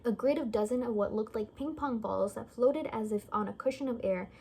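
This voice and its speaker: A woman's voice: fairly high pitch, fairly quick, creaky, dark tone, husky. A woman reading a novel aloud in a casual way, often stumbling over words and correcting herself. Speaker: reader.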